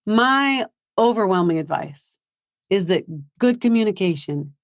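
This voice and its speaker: A woman's voice: mid-range voice, animated, a little slow, no echo. Conversational woman giving a parenting seminar. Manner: conversational, acts out soft empathetic phrases. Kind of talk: live seminar talk to parents. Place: high school seminar.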